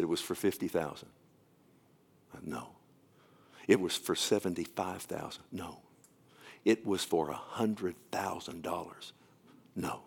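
A man who is a pastor, preaching a sermon and telling a story, often falling to a soft, near-whispered voice with stammering restarts. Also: sits low, creaky, breathy edge.

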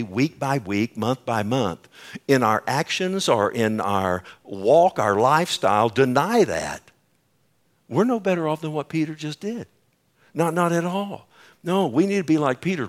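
A man preaching a sermon as a pastor, emphatic and repetitive, calling out to his listeners and dropping suddenly soft for effect. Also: medium pitch. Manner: acts out quoted dialogue, repeats calls like "Amen?" and "Listen".

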